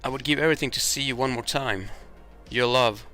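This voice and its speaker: A man's voice: medium pitch, brisk, bright, forceful tone, soft background music, lightly acted. A man reading as a trapped young man's farewell letter. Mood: earnest.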